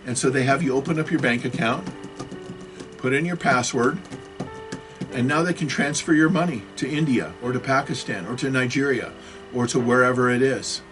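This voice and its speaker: A man's voice: mid-range voice, normal speed. A man giving a self-made talk on computer security, agitated and apologetic, with frequent restarts, over faint music.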